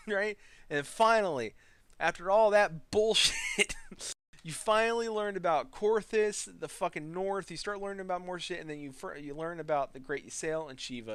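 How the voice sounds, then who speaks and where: High-voiced man ranting about a game. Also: smooth, no echo. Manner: profane, rambling, laughs often; animated storytelling. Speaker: podcast host. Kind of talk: casual gaming podcast rant.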